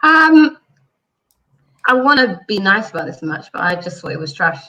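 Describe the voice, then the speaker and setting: Panelist: blunt woman, bright edgy tone, sits back from the mic in a roomy space. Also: mid-range voice, sing-song, moderate pace, far from the mic, lo-fi sound. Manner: blunt, outspoken. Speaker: podcast panelist. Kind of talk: casual chat.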